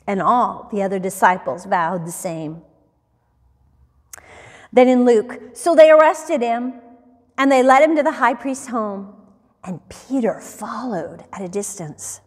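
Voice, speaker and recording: A woman teaching a Bible study class, reading scripture aloud and bringing the dialogue to life with an expressive delivery. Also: on the high side, a little slow, in a large hall.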